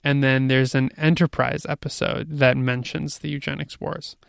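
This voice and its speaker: A man's voice: mid-range voice, level tone, normal speed, creaky, clear, resonant tone, no echo, clean studio sound. A man co-hosting a podcast, talking earnestly and in detail in casual chat. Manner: earnest, nerdy, detail-minded. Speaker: podcast co-host.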